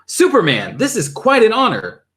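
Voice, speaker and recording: A man's voice: high voice, huge pitch swings, moderate pace, fairly bright tone, pitched above the performer's own voice, exaggerated voice. A man voicing a fussy, polite elderly male museum curator who talks eagerly in a raised voice.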